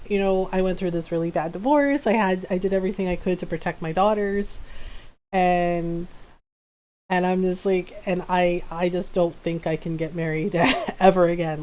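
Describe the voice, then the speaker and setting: A woman's voice: medium pitch, dark tone. A middle-aged woman streamer telling a personal story in casual, rambling chat, laughing often and restarting her sentences. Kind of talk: casual storytelling while gaming.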